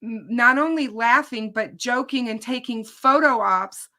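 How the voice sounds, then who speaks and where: A woman's voice: on the high side, a little slow, pushed and bright. A woman hosting a true crime channel, telling viewers about her day in court in an emphatic, indignant casual way.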